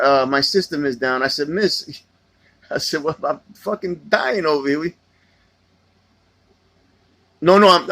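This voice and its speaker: A man hosting a laid-back livestream, talking in a loose, rambling way and swearing freely as he answers his chat. His pitch sits in an ordinary middle range. The sound is dry and close, with no room echo. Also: a bit bright. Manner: loose, profane, rambling storytelling. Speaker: livestream host reading chat.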